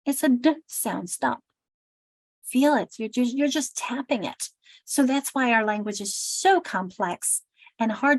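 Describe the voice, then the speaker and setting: Crisply enunciating American woman presenter. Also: fairly high pitch, no room sound, poor audio. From United States. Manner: lively, demonstrative, models sounds aloud. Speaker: teacher trainer. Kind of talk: workshop presentation.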